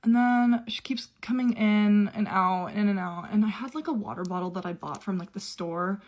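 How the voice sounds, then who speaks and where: A woman's voice: mid-range voice, normal speed. A young adult woman telling her own story in a casual way, chatty and run-on, with quoted dialogue.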